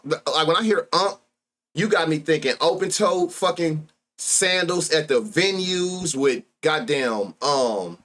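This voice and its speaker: Fairly high-pitched and sharp in tone, a man in his thirties runs a sports betting live stream. He has an African American Vernacular English accent, and his banter is loose, crude, and full of laughter.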